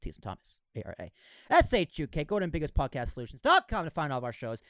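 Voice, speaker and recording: A man's voice: fairly high pitch, huge pitch swings, a bit bright, no echo. A man hosting a podcast in casual, joking chat, reading his closing plugs. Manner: jokey, laughing, quick plugs. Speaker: podcast host.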